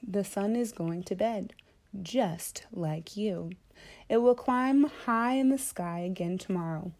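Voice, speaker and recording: Woman doing a gentle mother fox. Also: medium pitch. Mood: soothing. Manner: soft, slow and soothing.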